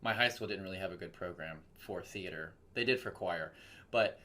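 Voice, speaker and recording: A man's voice: low-pitched, normal speed. A young man, a voice actor from Texas, chatting casually in an interview and acting out quoted voices as he tells stories. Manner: animated storytelling with quoted voices. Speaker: voice actor guest.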